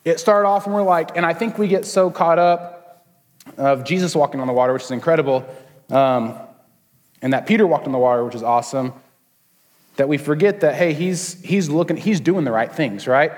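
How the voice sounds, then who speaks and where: A young male pastor with a fairly high voice preaches a laid-back, humorous sermon. He acts out quick voices for the characters as he talks. His voice rings with the long reverb of a large hall. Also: a little mellow. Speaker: student pastor.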